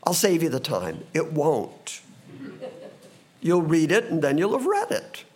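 A man preaching a sermon as a pastor, animated and expressive, sometimes acting out confused voices from the passage. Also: a little high, a little slow, slight background noise.

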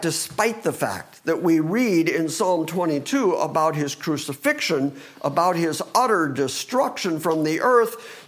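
A male pastor preaching a sermon, talking fast and reading scripture with emphasis. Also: sits high.

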